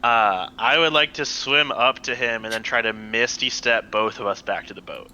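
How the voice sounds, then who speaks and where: A man playing a tabletop game, chatting casually and laughing a lot, excitable with quick asides. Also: medium pitch, dull audio, slight background noise. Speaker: player.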